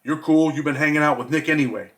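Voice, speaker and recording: A man's voice: fairly high pitch, steady tone, quick pace, fairly bright tone, lightly acted. A man reading as a blunt streetwise inmate. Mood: tough-love. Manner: gruff, streetwise, coaxing. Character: blunt, protective male prison inmate mentor.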